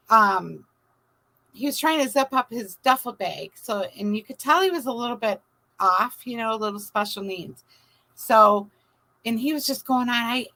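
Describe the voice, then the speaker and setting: A woman's voice: on the high side, rough recording. A woman hosting a casual livestream, chatting, telling stories and greeting viewers by name. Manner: chatty storyteller, shouts out viewers. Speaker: livestream host.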